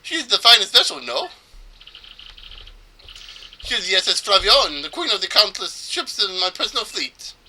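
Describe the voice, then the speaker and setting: A man's voice: sits high, sing-song, normal speed, pauses often, sharp tone, slight background noise, voice pushed up, full character voice. A man voicing a vain, pompous male ship owner in a fake Spanish accent, boasting grandly while reading game text. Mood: boastful. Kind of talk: let's play voice reading.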